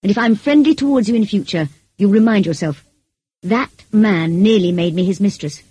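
A woman reading the lines of a brooding, passionate middle-aged gentleman in an audiobook, in an intense, pleading manner. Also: mid-range voice, normal speed, husky, no echo, low-quality recording.

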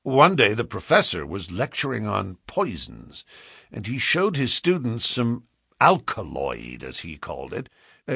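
A man's voice: medium pitch, creaky, fairly bright tone, husky, dry recording, studio quality. A man reading a classic novel aloud as dramatic first-person narration. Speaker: audiobook narrator.

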